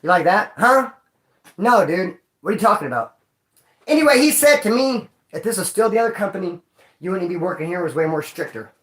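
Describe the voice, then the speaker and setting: Profane, animated man in an echoey room. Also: high voice, fairly quick. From Bakersfield, California. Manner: profane, animated street slang, bursts of yelling. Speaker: vlogger. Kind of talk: casual storytelling to a live chat.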